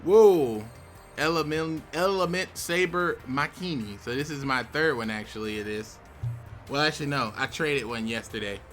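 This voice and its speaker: A young man hosting a casual video, chatting as he opens packs of game cards. He talks in a relaxed way, with sudden excited outbursts. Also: medium pitch, moderate pace, faint music behind. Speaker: YouTube host. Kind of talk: casual commentary while opening game card packs.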